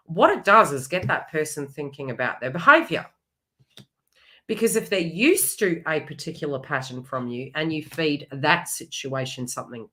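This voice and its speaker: A middle-aged woman with a deep, bright, forceful voice hosts a live psychic reading as a medium. She talks in a chatty, blunt, frank way and swears mildly now and then.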